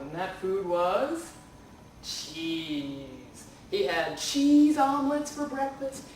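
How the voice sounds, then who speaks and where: Animated library storyteller, woman, reading a folktale to kids; echoey room, voice distant. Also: medium pitch, slight background noise. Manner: animated, asks the audience questions. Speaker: children's storyteller. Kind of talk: storytelling to children.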